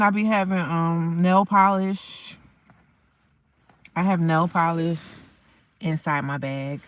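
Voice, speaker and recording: On a livestream from inside her parked car, a woman with a lowish voice rambles casually, repeats herself, and calls her viewers y'all and honey. The phone camera recording has a noisy background.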